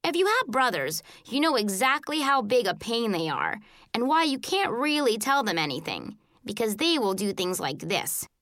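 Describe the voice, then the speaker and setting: Expressive woman narrating a children's book. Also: a little high, moderate pace, no echo, clean studio sound. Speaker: audiobook narrator.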